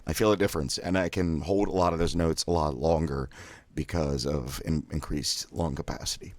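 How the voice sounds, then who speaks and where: A man leading a guided voice exercise drill in a relaxed, joking, self-deprecating coaching manner. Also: very deep voice, normal speed, dry recording.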